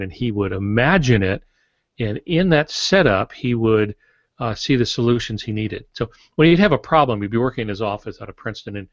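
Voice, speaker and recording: A man's voice: mid-range voice, dry recording, lo-fi sound. A man co-hosting a writing podcast, explaining ideas through anecdotes with some hesitation. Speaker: podcast co-host. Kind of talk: casual writing podcast chat.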